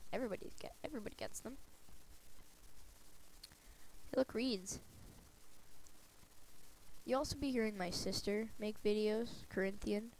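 A woman with a cold chats her way through a game at an unhurried pace, her voice soft and mellow. She talks to herself as she plays and slips into little sing-song bits. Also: medium pitch, a little hiss or hum, poor audio. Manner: chatty self-talk with sing-song asides. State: has a cold. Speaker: let's play gamer. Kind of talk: casual gameplay commentary.

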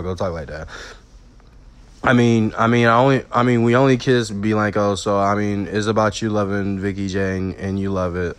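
A young man rambling through a repetitive, half-sung freestyle rap. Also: sits low.

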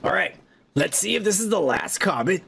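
A man with a fairly high voice hosts a comedy podcast and reads viewer comments aloud. He tells stories in a loose, casual way, swears freely and breaks into laughter often. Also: animated, moderate pace, gravelly, fairly bright tone, husky. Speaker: podcast host reading comments. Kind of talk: casual profane storytelling.

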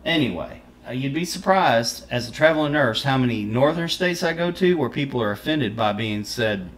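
A man's voice: mid-range voice, expressive, normal speed. Texan man, reaction host, emphatic and homey, echoey room. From Texas. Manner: proud, folksy, emphatic. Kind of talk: casual reaction commentary. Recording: roomy echo, faint noise.

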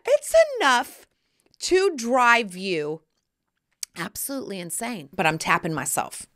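A woman in her thirties hosting a podcast in casual chat, animated and jumping into loud, high mock voices. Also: unhurried, dry recording. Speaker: podcast host.

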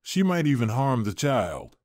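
A man's voice: medium pitch, very animated, a little slow, no echo. Big kind forest guy, protective and encouraging, read by a man, dry close sound. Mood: earnest. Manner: warm, encouraging. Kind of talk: storybook narration.

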